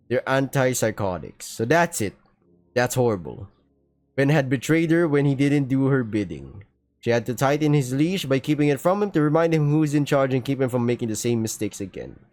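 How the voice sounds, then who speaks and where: A young man reading a visual novel aloud, with animated, joking commentary and casual swearing. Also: medium pitch, fairly quick, no echo. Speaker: gaming streamer.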